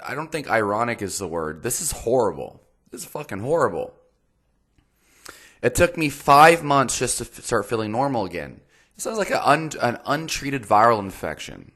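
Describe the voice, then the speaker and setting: A man's voice: medium pitch, very animated, normal speed, fairly bright tone. A man hosting a fitness channel, blunt and exasperated, swearing freely as he reads and comments on a viewer's message. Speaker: fitness and nutrition channel host.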